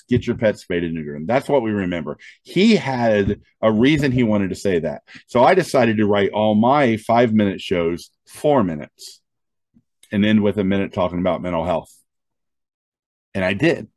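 With a lowish voice at a normal pace and no room sound, a man who works as a stand-up comedian and show host tells stories as an interview guest. The anecdotes are animated, rich in quoted dialogue, and dotted with frequent "um" fillers.

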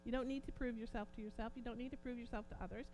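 A woman preaching an informal sermon, growing impassioned and forceful at points. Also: a little high, steady tone, racing, soft background music. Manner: impassioned, rising to near-shouting emphasis.

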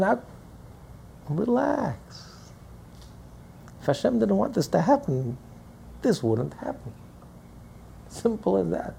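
A man preaching a Torah class in a gravelly, husky voice. His pitch rises and falls widely as he fires off rhetorical questions and acts out the people he quotes. His tone is dark and mellow. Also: sing-song, unhurried, long pauses, a little hiss or hum.

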